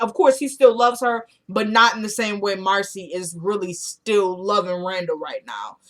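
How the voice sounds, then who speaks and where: A woman talking straight to her viewers as she walks through a TV episode scene by scene. She is chatty and loose, dropping quick asides and opinions between plot points in an everyday voice. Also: mid-range voice. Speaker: TV episode recapper. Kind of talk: casual episode recap to viewers.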